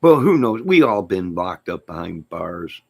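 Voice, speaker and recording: Low-voiced rambling joking man. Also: sing-song, a little slow, gravelly, husky. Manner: jokey, rambling, sudden loud outbursts. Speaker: channel host. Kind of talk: rambling joking livestream chat.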